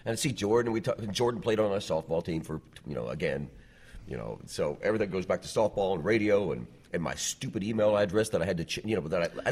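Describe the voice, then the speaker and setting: A man's voice: low voice, breathy edge. A middle-aged man, a podcast guest and former radio host, chatting casually in a rambling way and laughing often. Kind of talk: casual chat.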